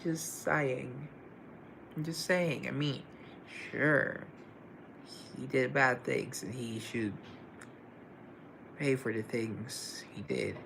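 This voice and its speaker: Man, gravelly voice, mid pitch, casual live chat, greets viewers, close mic. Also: fairly even intonation, extremely slow, long pauses, noisy background. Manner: chatty, greets viewers and answers chat comments. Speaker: live stream host.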